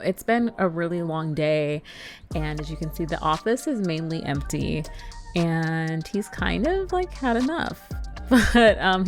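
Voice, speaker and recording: A woman casually narrating a life-sim game story, chatty and quick to laugh. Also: lowish voice, creaky. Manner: chatty, laughs often, lots of fillers. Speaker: let's play narrator.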